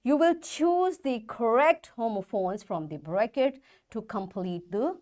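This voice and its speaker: A woman teacher with a fairly high voice leads a school lesson, spelling words letter by letter. Her pitch swings widely as she stresses each example. She talks deliberately, repeating points for young pupils. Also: lively intonation, a little mellow. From Pakistan. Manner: slow, emphatic spelling out of words. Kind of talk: classroom lesson.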